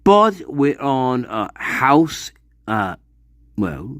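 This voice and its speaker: A man's voice: mid-range voice, sing-song, extremely slow, gravelly, no room sound, studio quality. A man hosting a casual true-crime commentary, rambling and swearing with sudden outbursts. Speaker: host of a true-crime discussion channel.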